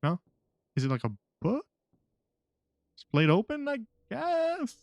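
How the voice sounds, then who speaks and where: A man's voice: very high voice, wildly swooping pitch, measured pace, gravelly, darkish tone, dry recording. A man streaming a game live, with sarcastic, joking commentary and frequent laughs.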